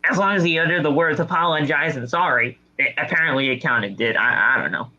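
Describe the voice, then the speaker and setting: A man co-hosting a casual podcast, recapping a wrestling show with animated storytelling and exasperated jokes. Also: a little high, a little fast, lo-fi sound. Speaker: podcast co-host.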